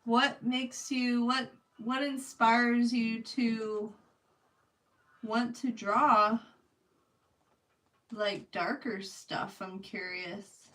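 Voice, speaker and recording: Woman streamer painting live, talks slow and a touch high, chatty and giggly, mic a little distant. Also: fairly even intonation, fairly bright tone. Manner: chatty, answers viewers by name, laughs often. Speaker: livestreaming artist. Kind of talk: casual live-stream chat while painting.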